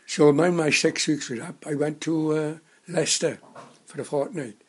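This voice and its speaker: A man in his nineties reminiscing in casual conversation, a halting storyteller who rambles and restarts his sentences. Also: a little high, fairly even intonation, husky. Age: 90s. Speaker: interviewee.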